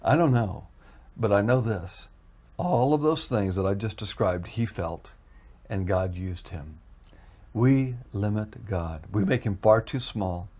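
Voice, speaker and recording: A man's voice: on the low side, expressive, measured pace, a little mellow, breathy edge. A man telling a personal story as a guest, in an earnest, building way. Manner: earnest, building to emotional intensity. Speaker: minister telling a testimony.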